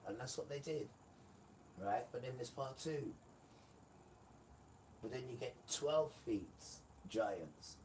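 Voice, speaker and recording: A man's voice: mid-range voice, unhurried, pauses often, darkish tone. Rambling man, emphatic live monologue. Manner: rambling, emphatic, keeps addressing the audience. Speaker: live streamer. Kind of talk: casual live-stream monologue. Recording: distant mic with faint room noise.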